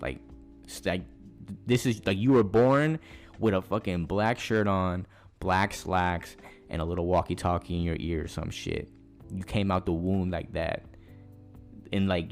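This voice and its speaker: A man's voice: deep voice, moderate pace, darkish tone, faint music behind. A young man, hosting a podcast and telling rambling, profane stories in loose slang. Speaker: podcast host. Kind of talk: casual monologue storytelling.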